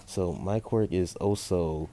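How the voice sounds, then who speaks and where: A man's voice: deep voice, takes it slowly, mellow, slight background noise. A man improvising a fan story aloud, rambling, full of fillers and self-corrections.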